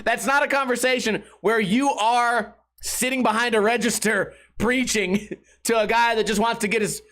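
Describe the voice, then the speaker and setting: A man's voice: extremely high pitch, normal speed. A man hosting a comedy podcast, telling stories in a rambling, profane, casual monologue. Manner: profane, rambling, animated storytelling. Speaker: podcast host.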